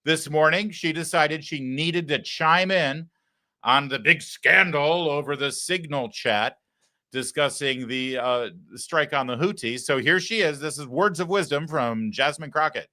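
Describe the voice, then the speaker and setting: A man's voice: on the high side, unhurried, bright, forceful tone. A man hosting a live political commentary show, talking in a sarcastic, mocking, conversational way. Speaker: talk show host.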